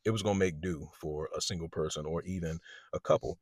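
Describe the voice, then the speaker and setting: A man tells a long personal story in a relaxed, chatty vlog style. His voice sits low and a little husky. He brings the people in his story to life by acting out their lines, and the recording is dry and close. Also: fast, no room sound. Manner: animated storyteller, quotes others in lively voices. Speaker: vlogger telling a personal story. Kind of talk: casual storytime monologue.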